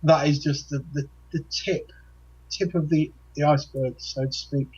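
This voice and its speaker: A man co-hosts a casual chat in a husky voice, starting and restarting his sentences often. The sound is dull and lo-fi. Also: fairly high pitch, fairly even intonation, darkish tone. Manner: halting, many fillers and restarts. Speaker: co-host.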